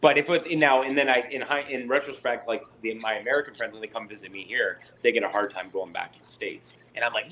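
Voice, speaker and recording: A man's voice: mid-range voice, quick pace, hardly any pauses, a little hiss or hum, low-quality recording. A man from Canada chatting casually, acting out both sides of the conversations he tells. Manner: animated storyteller, acts out both sides of conversations. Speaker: fish keeper on a live chat. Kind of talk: casual chat.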